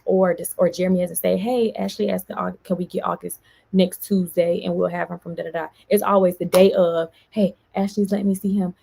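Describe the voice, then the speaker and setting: A woman vlogger, venting in an animated storytime and quoting others as she goes. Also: on the low side, a little fast, vocal fry, breathy edge. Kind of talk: casual storytime vlog.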